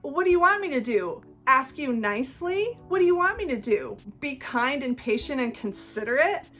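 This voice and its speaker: A woman's voice: very high voice, fairly even intonation, slow pace, mellow, faint music behind, pitched above the performer's own voice. A woman voicing a condescending man who mockingly imitates a polite request in a sarcastic, patronizing tone. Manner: sarcastic, patronizing sing-song.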